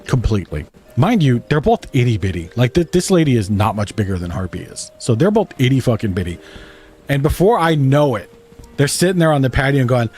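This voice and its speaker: A man's voice: medium pitch, sing-song, brisk, darkish tone, breathy edge. A man streaming a game, telling a rambling story in a casual, profane way. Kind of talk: casual storytelling while gaming.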